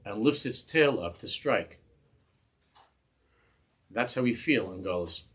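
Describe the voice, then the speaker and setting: Husky, impassioned rabbi giving a class. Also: male voice, fairly low pitch, a bit bright. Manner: impassioned, repeats and restarts words, slows on quoted phrases. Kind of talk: Torah class sermon. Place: synagogue.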